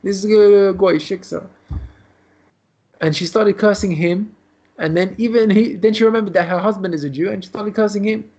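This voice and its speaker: Male rabbi with a high voice, rambling storyteller, muffled call audio. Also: steady tone, normal speed, darkish tone. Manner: loose, run-on retelling. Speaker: rabbi teaching. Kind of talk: storytelling lesson. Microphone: video call. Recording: dull lo-fi video call audio.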